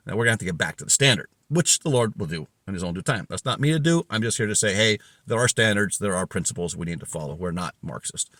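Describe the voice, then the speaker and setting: An agitated man tells a story in a casual podcast monologue and acts out each exchange. His pitch swings widely from high, strained peaks down to low, quiet stretches. The sound is dry and close. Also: dry recording. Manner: agitated storytelling, reenacts dialogue, voice rising and falling sharply. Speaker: podcast host.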